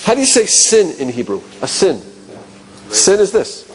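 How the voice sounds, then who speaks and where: A man teaching a class, asking rhetorical questions and musing aloud, dropping low and quiet on key points. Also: huge pitch swings, normal speed, noisy background. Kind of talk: classroom lecture.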